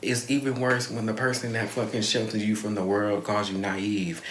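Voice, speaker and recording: A man's voice: lowish voice, level tone, moderate pace, hardly any pauses, a bit bright, a little hiss or hum. Rambling, candid young man in echoey room. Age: young adult. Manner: candid, rambling, swears freely, sighs often. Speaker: vlogger. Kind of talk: confessional vlog monologue.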